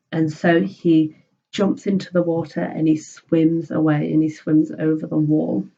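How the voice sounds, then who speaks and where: A woman's voice: fairly low pitch, a little mellow, highs cut off. A woman teacher reading a children's book aloud and patiently explaining it in simple words.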